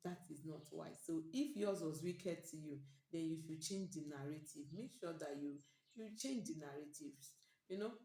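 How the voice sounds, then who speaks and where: A woman's voice: deep voice, mellow. A middle-aged woman gives a motivational talk with family advice, speaking earnestly and repeating key phrases for emphasis. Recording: roomy echo.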